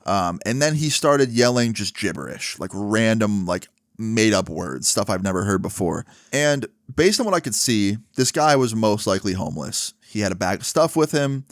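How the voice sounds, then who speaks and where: A man's voice: on the low side, expressive, normal speed, few pauses, no room sound, clean studio sound. A young man telling a personal story casually, dropping "like" and "right?" often. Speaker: vlogger. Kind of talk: storytime monologue.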